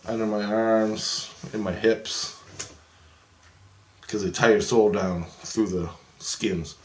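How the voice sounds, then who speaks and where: In an echoey room, a man with a somewhat low voice spins a long, wandering account of astral travel for his vlog. He curses often, gets increasingly agitated, and slips into the voices of the people he describes.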